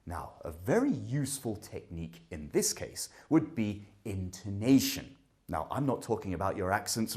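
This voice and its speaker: A man's voice: on the low side, sing-song, normal speed, a little mellow. A man teaching an exam speaking lesson, explaining points with emphatic stress.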